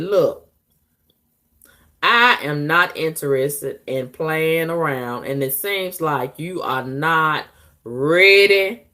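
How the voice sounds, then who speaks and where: Profane animated woman telling dating stories. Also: on the low side. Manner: blunt, profane, animated, laughs often. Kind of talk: candid storytelling monologue.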